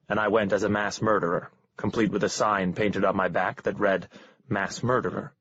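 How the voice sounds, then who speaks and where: A man with a husky voice giving a calm, cold, measured first-person reading of a novel. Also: lowish voice. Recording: dull lo-fi dry recording.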